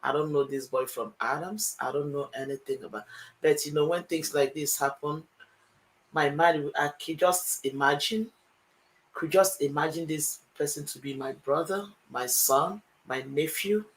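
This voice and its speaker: A woman, speaking as a panelist in an online discussion, earnest and halting with many fillers. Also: sits low, poor audio.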